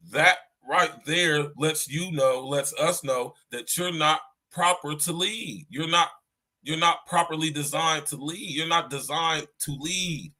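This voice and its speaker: A podcast host with a mid-range, sharp-toned voice delivers livestream commentary, repeating his points and lecturing his listeners directly in a preachy manner.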